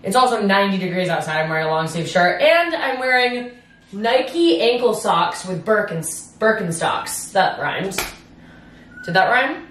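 With a fairly bright, mid-range voice that swings widely in pitch, a young woman vlogs a little slowly. She rambles, laughs often, swears freely and is self-mocking as she chats at home and in her car, recorded in an echoey room with faint background noise.

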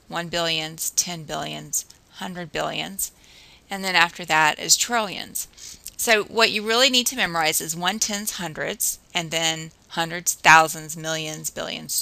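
A woman teacher narrating a recorded math lesson, explaining patiently and counting through drills slowly. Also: deep voice, gravelly, sharp tone, dry recording, rough recording.

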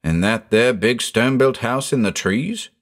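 A man voicing an excitable, superstitious middle-aged farmer with a folksy rural American drawl. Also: mid-range voice, measured pace. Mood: excited.

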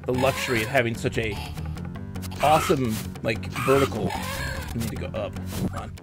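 A man's voice: mid-range voice, normal speed, music in the background. A man streaming a video game at home, chatting casually in a giggly, rambling way and telling stories with animation. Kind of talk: casual live-stream chat.

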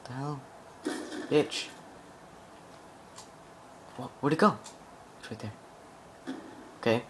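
A young man plays a game and rambles casually through his commentary, swearing and leaning heavily on "like." His medium-pitched, fairly bright voice moves slowly, with slight background noise behind it.

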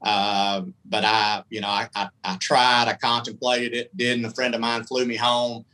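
Guesting on a podcast, a middle-aged country comedy singer from the United States rambles through candid, folksy stories in casual fashion. He speaks at a measured pace with a medium-pitched, flat, sharp-toned voice, captured in a rough recording.

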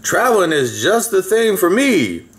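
A man voicing a kindly old gentleman rabbit with rheumatism, polite and old-fashioned. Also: high-pitched, big pitch swings, a little slow, voice pushed up.

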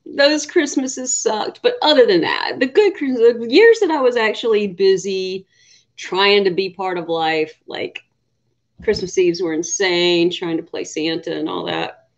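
A woman's voice: mid-range voice, measured pace. A woman in her forties chatting casually on a livestream, greeting viewers by name, swearing freely and laughing often. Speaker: livestream host. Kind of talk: casual live chat with viewers. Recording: dull lo-fi livestream audio.

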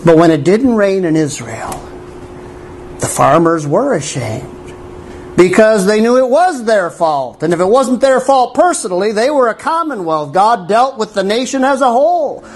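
A male pastor preaching a sermon in a church, animated, with wry asides to the congregation. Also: high voice, normal speed, slightly rough, poor audio.

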